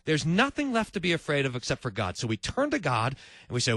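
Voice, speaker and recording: A male preacher giving a sermon in animated storytelling style, acting out each voice. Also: a little high, quick pace, no room sound.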